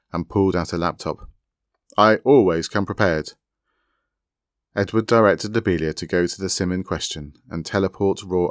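Deep-voiced man reading a story. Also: dry recording, clean studio sound. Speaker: author reading his story. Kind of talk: scripted narration of a short story.

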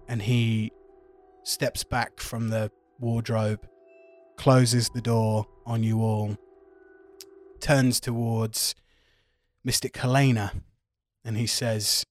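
Man game master narrating a tabletop game, calm and measured, dry close sound. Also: medium pitch, no room sound.

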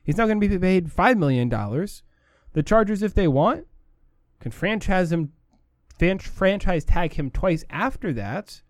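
A man's voice: sits high, very animated, a little slow, dry recording, clean studio sound. A man hosting a sports talk show, giving opinionated commentary and repeating his points for emphasis.

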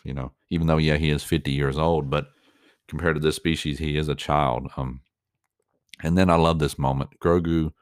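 Very deep, flat-voiced man musing aloud. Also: no room sound, clean studio sound. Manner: rambling, halting, many fillers and restarts; openly moved, earnest. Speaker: show reaction commentator. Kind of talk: reaction commentary.

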